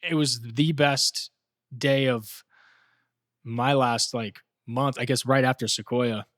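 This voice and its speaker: A man's voice: mid-range voice, steady tone, slow pace, fairly bright tone, no room sound, studio quality. A man co-hosting a podcast, talking in an easygoing, reflective way with rambling restarts. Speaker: podcast co-host. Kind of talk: casual chat.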